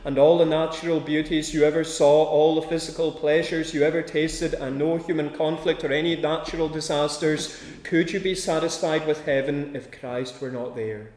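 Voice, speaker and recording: A man's voice: fairly high pitch, steady tone, moderate pace, darkish tone, roomy sound, slight background noise. A man preaching a sermon with a rhythmic delivery, building his points through emphatic repeated lists.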